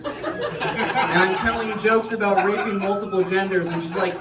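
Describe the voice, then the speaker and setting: A male stand-up comedian telling a rambling, self-deprecating set in deadpan. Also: high-pitched, moderate pace, far from the mic, very noisy. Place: comedy club stage. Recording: roomy club sound with crowd laughter.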